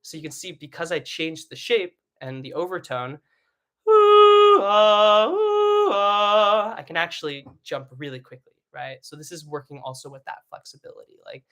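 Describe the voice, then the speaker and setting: A man teaching a live online singing lesson, talking in a relaxed, chatty way and often asking "right?", and breaking into short sung vowels that leap up into a high head voice. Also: brisk, hardly any pauses.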